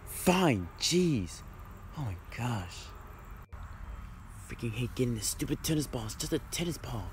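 A man's voice: medium pitch, sing-song, normal speed, slight background noise. A young man performing a casual improvised comedy skit, voicing several friends who bicker in whiny, slangy banter full of fillers.

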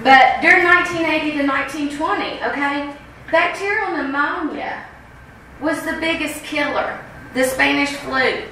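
A woman speaks insistently at a school board meeting, her voice high and sharply bright. She keeps checking in with her listeners as she presses each point. The sound is picked up from across a very echoey room. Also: moderate pace, distant mic, slight background noise. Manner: earnest, insistent, keeps asking "okay?". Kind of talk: public comment speech. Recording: very echoey room heard from afar.

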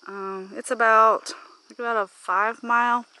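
A woman's voice: a little high, fairly even intonation, unhurried, pushed and bright, clean tone. Chatty woman vlogging on a walk. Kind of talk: casual walking commentary. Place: outdoors on a rural park road. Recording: faint outdoor ambience with insects.

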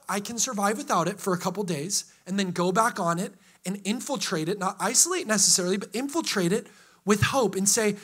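A man preaching a sermon to a live congregation, energetic and joking with them, rising to excited shouts. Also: sits high. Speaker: pastor. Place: church hall before a live congregation.

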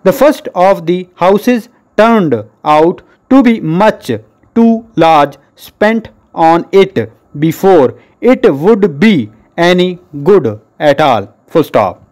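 A man reading a passage aloud slowly as shorthand dictation, saying each comma and full stop. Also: high voice, animated, a little mellow. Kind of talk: slow dictation with spoken punctuation.

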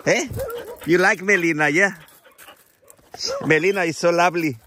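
Man, middle-aged, fairly high voice, halting non-native english, fond coaxing tone. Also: bright, forceful tone, a little hiss or hum. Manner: fond, coaxing talk to the dogs. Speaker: animal shelter founder. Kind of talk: casual vlog narration. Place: animal shelter.

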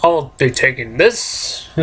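A man's voice: medium pitch, animated, slow pace, fairly bright tone, slight background noise. A man hosting a game let's play, rambling casually and chuckling to himself as he plays. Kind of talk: casual gameplay commentary.

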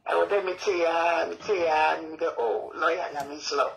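A woman's voice: sits low, fairly even intonation, normal speed, creaky, a crowd in the background, low-quality recording. Chatty woman caller telling her story. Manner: chatty, rambling storytelling in broken English. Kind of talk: phone-in conversation.

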